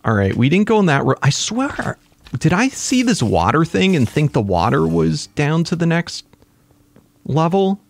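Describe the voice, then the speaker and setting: A man narrating his own game play as he goes, an excitable gamer who exclaims at the creatures he finds. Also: a little high, moderate pace, creaky. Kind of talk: casual gaming commentary.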